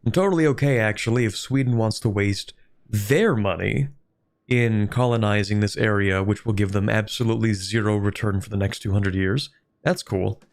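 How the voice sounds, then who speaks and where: A man with a lowish voice talks at normal speed while streaming a strategy game. He chats casually, thinks out loud, and answers questions from viewers.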